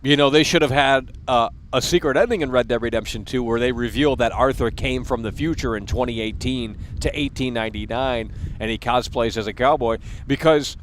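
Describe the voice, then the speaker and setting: A man's voice: mid-range voice, fairly quick, hardly any pauses, a little hiss or hum. A young adult man hosting a gaming livestream, ranting bluntly and casually with lots of swearing. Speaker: livestream host.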